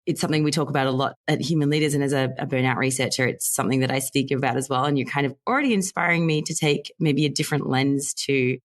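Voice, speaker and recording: A woman podcast co-host who researches burnout, introducing the guest and responding in a measured way. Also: extremely low pitch, fairly even intonation. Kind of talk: scripted intro and interview.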